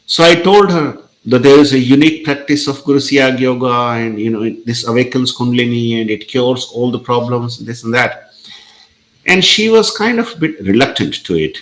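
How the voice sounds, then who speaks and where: A man's voice: medium pitch, animated, moderate pace, fairly bright tone, rough recording. A man, a podcast guest telling a story in a hesitant, conversational way with many fillers.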